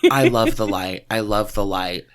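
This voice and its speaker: A man's voice: on the low side, fairly even intonation, unhurried. A man from small-town Texas, co-hosting a podcast in casual, profane, self-mocking chat. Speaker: podcast co-host.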